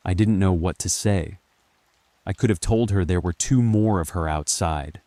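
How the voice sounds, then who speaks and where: A man narrating a scripted horror story in a calm, measured first-person telling. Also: low voice, no room sound.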